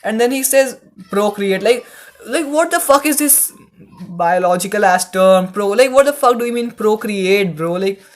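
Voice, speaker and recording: A host giving casual reaction commentary, exasperated, swearing often and filling every pause with "like". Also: medium pitch. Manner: exasperated, swearing, heavy use of "like".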